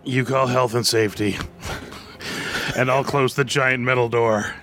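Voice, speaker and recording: A man's voice: mid-range voice, fairly even intonation, a little slow, fairly bright tone, faint music behind. Hesitant man playing a tabletop game. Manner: hesitant, plans aloud with fillers. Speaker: player. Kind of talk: casual tabletop play.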